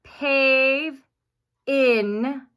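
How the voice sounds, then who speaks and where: A woman teacher giving a recorded spelling lesson to young children, speaking slowly and clearly in an encouraging way. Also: sits high, fairly even intonation, a bit bright.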